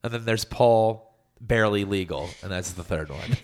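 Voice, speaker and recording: A man's voice: fairly low pitch, moderate pace. A man co-hosting a casual chat, telling jokey stories in a laid-back way. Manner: joking storyteller, laid-back. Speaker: podcast co-host.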